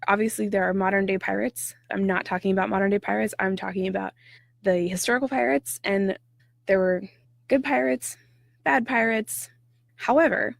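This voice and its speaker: A woman hosting her own storytelling vlog, speaking in an animated way and sometimes dropping into a whisper for emphasis. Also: mid-range voice, creaky, dry recording. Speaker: host.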